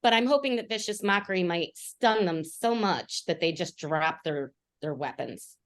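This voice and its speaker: A woman's voice: on the low side, animated, normal speed. A woman player in a tabletop game over a video call, talking hesitantly with many fillers. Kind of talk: casual tabletop game play.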